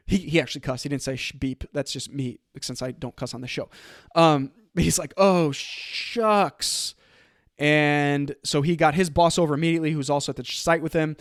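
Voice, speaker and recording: A man hosting his own motivational podcast, telling a story in an energetic, conversational way and quoting others in his own voice. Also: a little high, no echo, clean studio sound. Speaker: podcast host.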